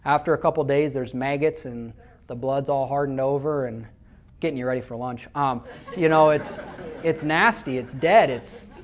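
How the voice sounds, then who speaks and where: A man's voice: mid-range voice, normal speed. A man from Iowa preaching a sermon to a congregation, telling stories in a conversational way and often repeating words as he starts a phrase. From Iowa, USA. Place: church before a live congregation.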